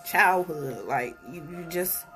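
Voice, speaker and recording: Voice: mid-range voice, takes it slowly, faint music behind. A co-host in a casual chat, talking in a laid-back, easygoing way. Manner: laid-back, relaxed storytelling.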